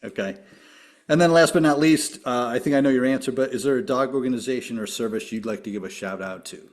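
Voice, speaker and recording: A man hosts a podcast interview, asking questions in a friendly, even manner. His voice sits at an ordinary male pitch. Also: fast talker. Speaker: podcast host.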